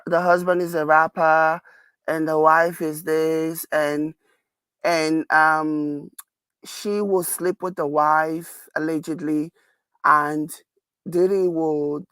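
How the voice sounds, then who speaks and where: A woman in casual reaction chat who talks in a halting, hesitant way with many restarts. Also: lowish voice, no room sound.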